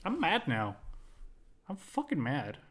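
Young male streamer with a bouncy, animated voice who jokes and curses through live play. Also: a little high, slow. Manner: excitable, swears often, jokey. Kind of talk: live gameplay commentary.

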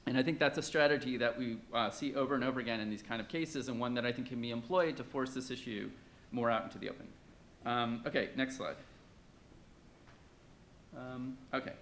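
Man, mid-pitched, presenting at a conference; loose, halting, chatty delivery. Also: a little hiss or hum. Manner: conversational, hesitant, many fillers, questions to the audience. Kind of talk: academic conference talk.

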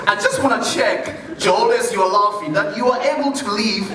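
A man preaching a sermon as pastor, deliberate and playful, chuckling as he makes his points. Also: high voice, crowd noise. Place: large church hall. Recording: very echoey hall, mic far off.

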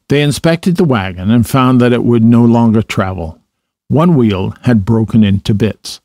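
A man narrating a children's storybook in a slow, measured way. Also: mid-range voice, mellow, no echo, studio quality.

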